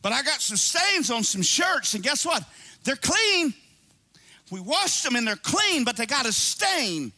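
A man preaching a sermon, swinging between shouted emphasis and low conversational asides, repeating phrases for emphasis. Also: sing-song, measured pace. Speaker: pastor.

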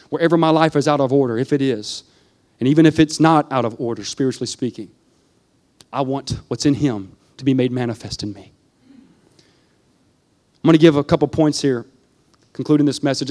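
A man preaching a sermon with fervor, swinging between hushed, low passages and emphatic peaks, often breaking in with "listen" to address the congregation.

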